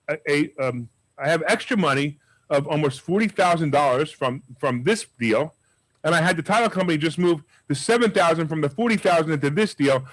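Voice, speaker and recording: A man teaching a live real estate investing class and taking questions, telling deals as lively, emphatic stories. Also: on the high side, no echo, low-quality recording. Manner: energetic, emphatic storyteller.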